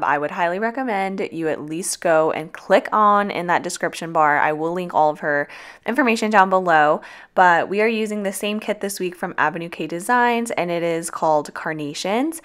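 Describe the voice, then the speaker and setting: A woman talks through a casual vlog voiceover. Her voice sits on the low side and sounds groggy, as she has just woken up. She is chatty and loose, saying y'all and dropping the occasional swear word. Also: brisk, a bit bright. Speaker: planner vlogger.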